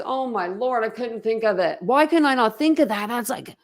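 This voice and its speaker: Here a woman hosting a livestream rambles, laughs often, and talks frankly and casually to her audience. Her mid-range voice is expressive and creaky, quick, with few pauses.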